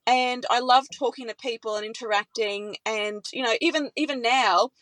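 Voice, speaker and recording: A woman's voice: a little high, normal speed, a bit bright, no room sound, poor audio. A woman who works as a radio presenter, talking with enthusiasm in a conversational interview. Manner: enthusiastic, emotional.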